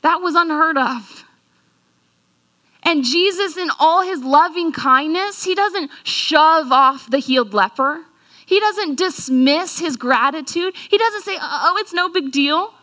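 Woman preacher, high bright voice, slow and earnest, quizzes the congregation. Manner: earnest, slows down for scripture quotes and asks the listeners questions. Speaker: speaker at a church talk. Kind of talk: sermon.

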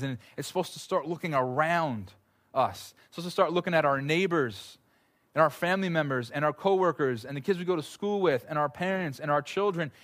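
A man in his thirties preaching a sermon, telling stories in an animated way and repeating words as he builds a point. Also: fairly high pitch. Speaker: pastor.

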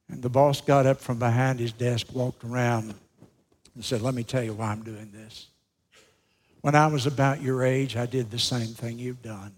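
A man preaching a sermon, telling stories slowly and with emphasis. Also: medium pitch, fairly even intonation. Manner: slow, emphatic storytelling preacher. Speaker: pastor.

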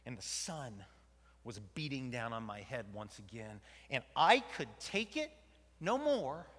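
A man playing Jonah, a conflicted and angry prophet, in a dramatic first-person sermon. His delivery swings between loud outbursts and hushed whispers. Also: mid-range voice, very animated, unhurried. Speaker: preacher in dramatic monologue. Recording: long hall reverb.

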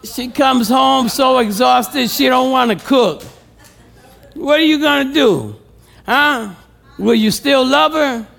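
A man's voice: very high-pitched, slow pace, vocal fry, fairly bright tone. A male pastor preaching a sermon with humor, calling out questions to the congregation.

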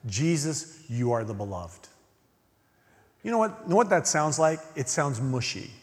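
A man preaching a sermon as pastor, earnest, swinging from emphatic questions to hushed, near-whispered lines. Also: medium pitch. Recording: long reverb of a large hall.

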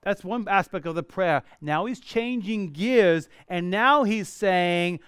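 High-voiced man preaching a sermon. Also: slow, hardly any pauses, smooth, no echo, studio quality. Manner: earnest, shifts between lively emphasis and quiet reflection.

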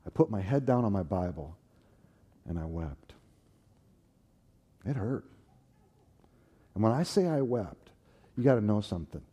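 A man preaching and telling his own story, swinging from loud, animated bursts to hushed, tender tones. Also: lowish voice, unhurried, long pauses, slightly rough, muffled recording. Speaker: preacher giving a personal testimony. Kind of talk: sermon storytelling.

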